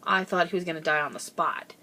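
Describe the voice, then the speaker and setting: Young woman vlogger, lowish voice, rambling and chatty, laughs through her stories, recorded at home. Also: quick pace, pushed and bright, a little hiss or hum. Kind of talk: casual storytelling.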